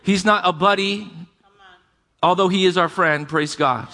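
A male pastor preaches a sermon in a high, bright, ringing voice, speaking a little slowly. He keeps things conversational and checks in with the congregation, and the long reverb of a large hall fills the sound.

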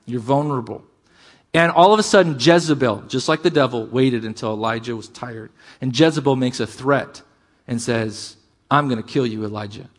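A middle-aged man preaching a sermon as pastor, animated and shifting between loud emphasis and quiet asides. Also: mid-range voice, moderate pace.

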